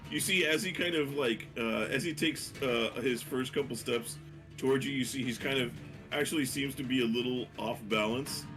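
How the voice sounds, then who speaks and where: A man narrating as game master, rambling with many fillers and restarts. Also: mid-range voice.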